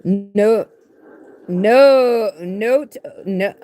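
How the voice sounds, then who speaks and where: A woman's voice: mid-range voice, extremely slow, dark tone. Rambling, irreverent woman live streaming. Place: in a tent, sitting on her bed.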